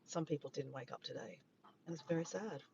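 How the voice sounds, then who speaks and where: A man's voice: fairly high pitch, a little fast, vocal fry, dull audio, background noise. An Australian man chatting on a casual livestream from his phone in a parked car by the beach, rambling and easily sidetracked. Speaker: vlogger. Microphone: handheld phone camera.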